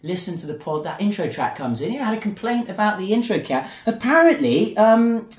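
British man, podcast host, jokey and rambling, lively swooping pitch, roomy echo. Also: fairly quick. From Britain. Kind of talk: casual chat. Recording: echoey room.

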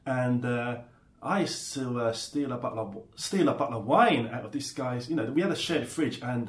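A man's voice: mid-range voice, moderate pace. A man appearing as a guest on a casual chat show, telling rambling anecdotes. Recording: echoey room.

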